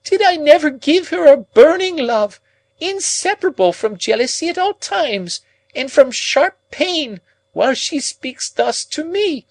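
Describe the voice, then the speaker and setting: A man's voice: big pitch swings, measured pace, no echo, full character voice, low-quality recording. Miss Havisham, a shrieking old woman, voiced by a man. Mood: anguished. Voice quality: high, strained, wailing. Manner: moaning, dragged-out lament. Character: old anguished jilted woman, wild and shrieking. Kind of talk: audiobook character reading.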